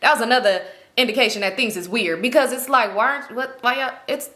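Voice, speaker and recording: Young woman vlogger, casual storytime, profane, acts out quotes; tense bright voice. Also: fairly high pitch, fast.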